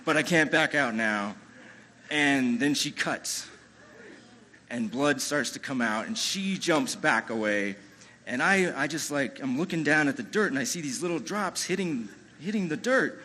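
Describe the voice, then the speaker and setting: A man's voice: medium pitch, animated, measured pace, bright, forceful tone, slight background noise, poor audio. A man telling a true-feeling personal story live on a ballroom stage, in a conversational way with lots of "you know" and "like". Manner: amused, chuckles through the telling.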